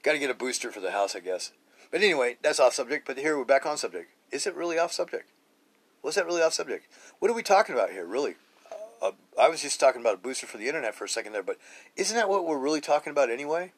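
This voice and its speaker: A middle-aged man rambles through a spiritual podcast monologue, recorded on a cheap phone. He talks loosely and often swears, circling back and restarting his sentences as he goes. His voice sits at an ordinary pitch for a man. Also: very animated, rapid-fire. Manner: casual, profane, repetitive with many restarts. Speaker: podcast host.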